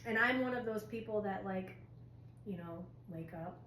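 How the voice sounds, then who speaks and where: Relaxed woman in an echoey room. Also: mid-range voice, moderate pace. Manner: relaxed storyteller, playful quotes. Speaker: guest. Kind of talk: casual chat. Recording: echoey room with faint hum.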